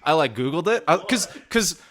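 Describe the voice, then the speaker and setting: A man from New Jersey hosting a podcast, telling rambling, animated stories with frequent restarts. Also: on the high side, normal speed. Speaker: podcast host. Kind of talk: casual chat.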